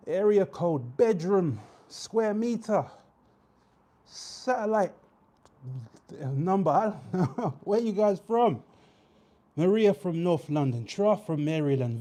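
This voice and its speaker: A young man with a fairly high-pitched voice hosts a live weigh-in stream. He chats casually with viewers and reads out their names with drawn-out shout-outs.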